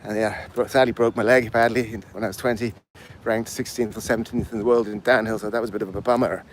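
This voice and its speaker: A man in his fifties from England, with a mixed English accent, chats casually on a live stream while walking uphill outdoors and getting out of breath. His voice is on the low side with fairly even intonation, and he talks fast, rambling and answering chat comments aloud. A little hiss or hum sits under the recording.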